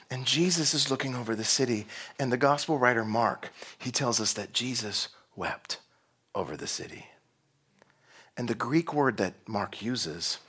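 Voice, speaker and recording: A man's voice: mid-range voice, breathy edge. A man preaching a sermon, emotional, moving between raised passages and near-whispered ones. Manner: emotional, swinging between loud and hushed. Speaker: pastor.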